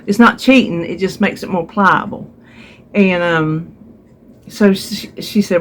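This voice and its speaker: A woman's voice: mid-range voice, sing-song, measured pace, slight background noise. A woman chatting to her viewers, retelling a therapy visit with voiced quotes, recorded at home on a phone. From North Carolina. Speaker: vlogger. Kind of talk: casual storytelling to viewers.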